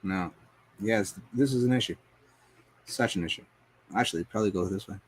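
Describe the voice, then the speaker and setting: A man with a low, slightly rough voice talks briskly as he paints on a live stream. He rambles casually to himself and his chat, swearing often.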